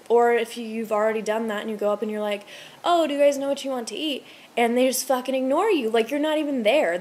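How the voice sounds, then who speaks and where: At home, with a TV going in the room, a young woman in her twenties who serves in a restaurant talks to camera in a rambling, heated rant full of swearing. Her voice sits on the high side and is a little mellow.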